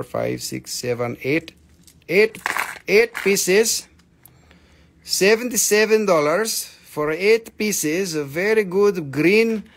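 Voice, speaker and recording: A man's voice: medium pitch, breathy edge. A man hosting a live sales stream of stones, joking playfully while he counts pieces aloud and cuts prices. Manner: joking, playful, bursts into song. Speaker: live-stream seller of minerals.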